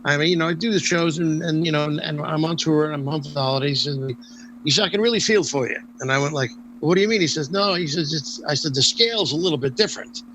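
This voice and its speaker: Talking fast in a voice a little high for a man, an older interview guest recounts anecdotes in a casual chat, lively and performing the dialogue he quotes. Audio quality is poor, and a faint hum lies beneath.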